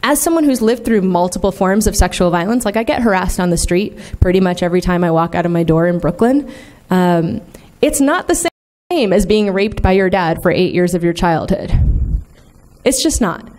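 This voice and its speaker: A woman's voice: on the low side, animated, moderate pace, a little mellow. A woman speaking candidly and emphatically as a conference plenary speaker, peppering her talk with "like" and "right?". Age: adult, in the field twenty years. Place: conference hall.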